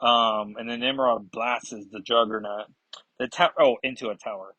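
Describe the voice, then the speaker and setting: A man's voice: mid-range voice, fairly even intonation, moderate pace, sharp tone, no room sound, poor audio. A man casually reviewing a comic book, rambling with frequent fillers and self-corrections.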